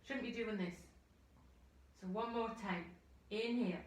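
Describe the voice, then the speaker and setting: Soft-spoken woman guiding yoga breathing. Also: medium pitch, slight background noise. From United Kingdom. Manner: slow, soothing cues with audible sighing breaths. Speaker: yoga teacher. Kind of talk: guided yoga instruction. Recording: echoey room, voice from far off the mic.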